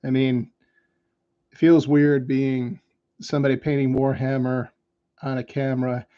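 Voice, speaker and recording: A man's voice: mid-range voice, flat delivery, unhurried, highs cut off. An American man chatting casually and self-deprecatingly while painting miniatures on a livestream.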